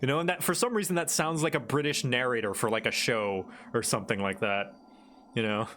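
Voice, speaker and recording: A young man streaming a game live, chatting in a jokey way with quick asides and lots of fillers. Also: medium pitch, a bit bright, slight background noise. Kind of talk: casual live gaming commentary.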